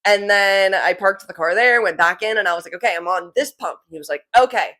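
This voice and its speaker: A woman's voice: medium pitch, a little fast, pushed and bright. A young woman from New Jersey with a New Jersey accent, chatting casually to her viewers in a rambling, self-correcting way full of "like". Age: young adult. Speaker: vlogger. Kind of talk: casual chat to camera.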